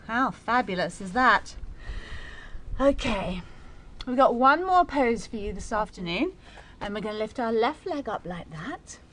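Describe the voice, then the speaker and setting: A woman's voice: on the high side, fairly bright tone, slight background noise. A woman teaching a yoga class for young children, giving playful, encouraging, story-like instructions.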